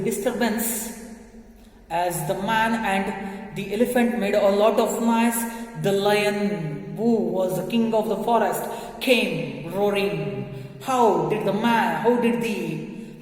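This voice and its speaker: Slow, hesitant teacher in echoey room. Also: male voice, sits high. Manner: repeats and rephrases, many hesitations. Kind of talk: classroom story explanation. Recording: echoey room with long reverb.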